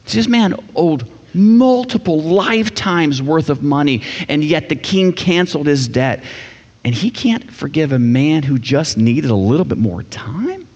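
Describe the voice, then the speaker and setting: A man preaching a sermon in a casual, animated storytelling manner. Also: a little high, a little slow, slightly rough. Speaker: pastor. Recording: echoey hall, dull sound.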